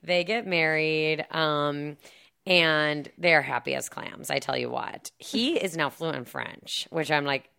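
A woman's voice: low-pitched, slow, creaky, bright, forceful tone, clean tone. A woman casually recapping a film plot in a chatty, sarcastic way, full of fillers and asides. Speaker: podcast co-host recapping a film. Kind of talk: casual chat.

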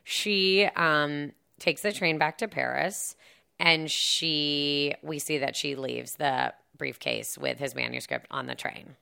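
A woman's voice: deep voice, steady tone, slow, gravelly, bright, forceful tone, smooth. A woman casually recapping a film plot in a chatty, sarcastic way, full of fillers and asides. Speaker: podcast co-host recapping a film. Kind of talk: casual chat.

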